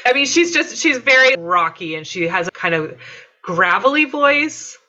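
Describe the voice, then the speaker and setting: A woman's voice: on the high side, big pitch swings, moderate pace, bright, forceful tone, muffled recording. A woman chatting casually on a podcast, talking with lots of fillers and laughing often. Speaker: podcast guest.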